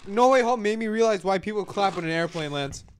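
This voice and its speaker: A man's voice: high voice, animated, fairly quick, smooth. A young man, a guest on a podcast, bantering and teasing his friends. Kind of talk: casual chat.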